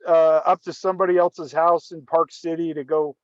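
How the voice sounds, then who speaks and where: A man's voice: a little high, fairly even intonation, a little fast, dry recording, lo-fi sound. A man telling a story in casual conversation, often restarting and repeating words. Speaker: guest storyteller.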